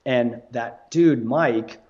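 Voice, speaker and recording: A man's voice: mid-range voice, very slow. Man telling a wild story, slightly muffled. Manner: animated, swearing, laughing through the story. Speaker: podcast guest musician. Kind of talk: casual storytelling.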